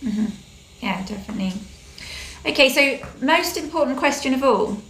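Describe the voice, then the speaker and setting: A woman's voice: high voice, lively intonation, moderate pace, a bit bright. A woman hosting a podcast interview, friendly, asking questions and laughing along. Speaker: podcast host. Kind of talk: casual interview talk. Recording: echoey room with faint background noise.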